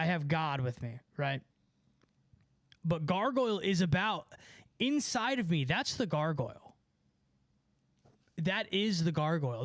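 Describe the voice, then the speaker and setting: A young man rambling excitedly to his chat during a casual livestream, profane and full of filler words. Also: high-pitched, no echo, studio quality. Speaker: musician streaming to chat.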